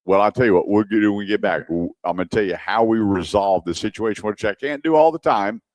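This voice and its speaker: A man's voice: fairly low pitch, fast talker, dry recording. A man hosting a radio talk show, telling a story and acting out the people in it. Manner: lively storyteller who acts out the people in his tale. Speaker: radio show host and car-buying advisor. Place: radio studio.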